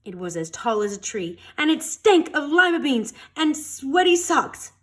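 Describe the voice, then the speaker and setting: A woman reading a children's storybook aloud in an expressive, dramatic storytelling manner. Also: sits high, a little slow. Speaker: storytime reader.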